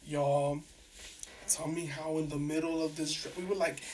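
A young man hosting a podcast, telling stories in a chatty, animated way with lots of fillers and restarts. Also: fairly high pitch, moderate pace, slight background noise. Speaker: podcast host. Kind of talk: casual solo podcast storytelling. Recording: voice a bit distant from the mic.

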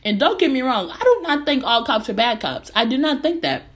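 A woman's voice: sits high, sing-song, a little fast. A young American woman hosting her own podcast, speaking with earnest emphasis and repeating phrases to drive her points home. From United States. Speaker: podcast host. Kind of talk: impassioned personal commentary.

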